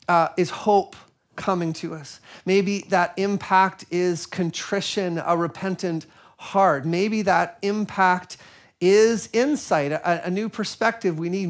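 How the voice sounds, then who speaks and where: A man preaching a sermon, telling a personal story in an earnest, reflective and soft-spoken way. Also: high voice. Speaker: pastor.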